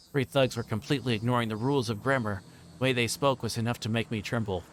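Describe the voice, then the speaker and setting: A man's voice: medium pitch, quick pace, a little hiss or hum. A male streamer reading a visual novel aloud on a livestream, narrating plainly with occasional stumbles and restarts.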